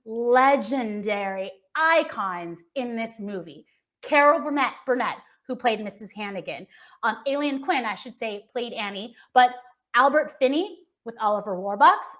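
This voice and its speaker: A woman's voice: a little high, a bit bright. An American woman hosting a casual entertainment chat show, talking with gushing enthusiasm. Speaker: host.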